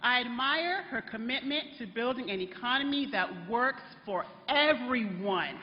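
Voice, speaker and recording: A woman's voice: fairly high pitch, expressive, measured pace. A woman, earnestly reading a prepared introduction at a political rally. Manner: earnest, choking up with emotion. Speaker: rally speaker introducing the candidate. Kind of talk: prepared speech read at a rally. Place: large hall at a political rally. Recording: dull PA sound, reverberant hall, crowd behind.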